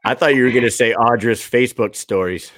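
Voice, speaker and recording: A man's voice: medium pitch, a little fast, fairly bright tone, no echo, clean studio sound. A man in his thirties hosting a podcast in loose, profane casual chat, laughing often. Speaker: podcast host.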